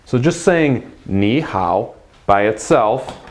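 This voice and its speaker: A man teaching a beginner language lesson, patiently explaining and repeating phrases slowly for practice. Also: mid-range voice, expressive, a little hiss or hum.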